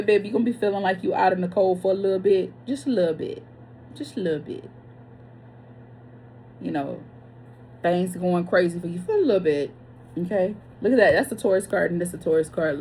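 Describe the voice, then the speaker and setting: A woman's voice: lowish voice, a little mellow, a little hiss or hum. Blunt, chatty woman reading tarot. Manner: chatty, blunt, swears freely, laughs and digresses. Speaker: tarot reader. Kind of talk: casual tarot reading to camera.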